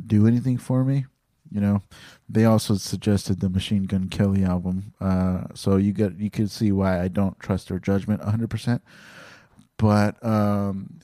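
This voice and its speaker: Man, low mellow voice, casual rambling podcast talk, lots of ums and restarts, dry close sound. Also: no room sound. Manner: rambling, many fillers and restarts, swears casually. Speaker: podcast host. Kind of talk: casual monologue.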